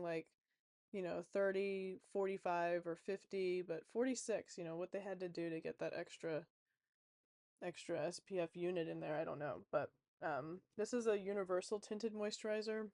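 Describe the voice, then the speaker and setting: A woman's voice: lowish voice, moderate pace, darkish tone, no room sound, clean studio sound. A woman in a casual vlog as a tarot reader, chatty and rambling with many fillers.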